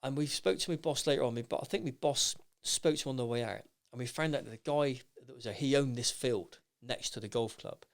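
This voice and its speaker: A middle-aged man, a podcast guest, telling stories in a lively, rambling way with many restarts. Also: medium pitch, fairly quick, creaky, few pauses. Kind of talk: anecdotal storytelling in casual chat.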